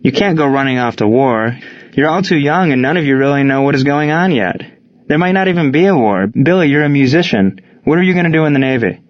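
A man's voice: fairly high pitch, animated, fast talker, no room sound, lo-fi sound, voice pushed up, close to an everyday voice. A man voicing a young woman, earnest and spirited, who pleads with and scolds her friends. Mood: pleading.

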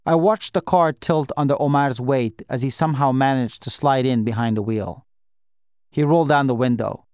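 A man reads an audiobook in a calm, measured first-person voice. His pitch sits in the middle range. The recording is close and dry, with no room sound. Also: smooth, no room sound. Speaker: audiobook narrator. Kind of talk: scripted narration.

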